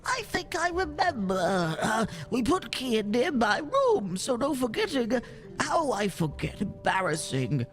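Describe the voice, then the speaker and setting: A man voicing a forgetful woman villager from a game, who speaks in halting, broken phrases. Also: very high voice, wildly swooping pitch, fairly bright tone, faint music behind, voice pushed up, exaggerated voice. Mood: sheepish.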